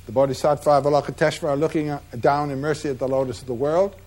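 A man giving a measured, reflective lecture about slides, pausing often with "uh" between phrases. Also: on the high side, fairly even intonation, a little mellow. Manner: measured, reflective, with frequent pauses and "uh" fillers.

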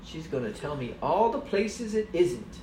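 A bumbling Irish private eye, as a woman puts him on, eager and boastful, talking loud with lively ups and downs. The room is echoey and noise runs underneath. A storybook detective sure of his own nonsense. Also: a little high, measured pace, distant mic.

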